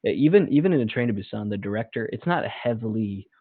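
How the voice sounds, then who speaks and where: A young man talks on and on about the films he loves, now and then slipping into little acted-out lines. His voice sits fairly low. The sound is thin and phone-like, and completely dry. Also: lively intonation, fast talker, breathy edge, dry recording. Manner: rambling, enthusiastic, acts out movie scenes. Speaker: podcast co-host. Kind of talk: casual chat.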